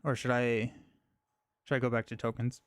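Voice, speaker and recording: A man hosting a live stream talks in a loose, easygoing way, thinking out loud and restarting his sentences with plenty of fillers. His voice sits at an ordinary middle pitch, and the recording is close and dry, with no room sound. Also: level tone, moderate pace, smooth, dry recording. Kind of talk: casual live-stream chat.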